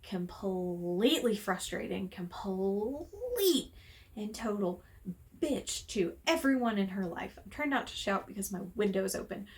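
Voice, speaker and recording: A woman's voice: medium pitch, lively intonation, a little slow. Woman, casual vlog, heated, exasperated, swears freely, room at home. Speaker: book reviewer. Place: room at home with window open.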